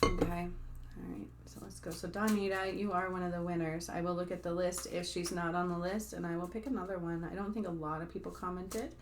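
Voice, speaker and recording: Speaking briskly with a level tone and fairly low pitch, a spiritual healer chats casually to camera, with background noise present. She rambles, uses plenty of fillers, and keeps turning aside to address viewers.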